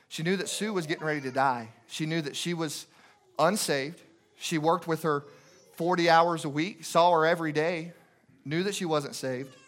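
A man's voice: on the high side, a bit bright. A man preaching a sermon, telling a story with emphatic, repetitive urgency.

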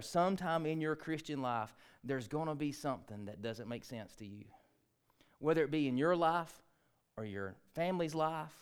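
Impassioned preacher man. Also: clean tone. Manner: impassioned preaching, rising to near shouts and dropping low. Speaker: pastor. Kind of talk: sermon.

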